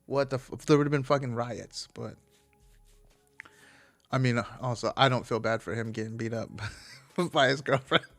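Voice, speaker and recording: A man's voice: medium pitch, steady tone, normal speed, long pauses, soft background music. A man hosting a casual solo podcast, rambling from tangent to tangent and swearing freely. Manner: rambling, profane, digressive. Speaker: podcast host.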